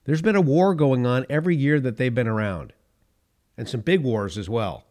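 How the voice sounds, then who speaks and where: A man's voice: mid-range voice, animated, normal speed, a little mellow. A middle-aged man hosting a political commentary podcast, talking with sarcasm, getting fired up and then pulling himself back down. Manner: sarcastic, heats up then reins himself in, chuckles at his own points. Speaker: podcast host.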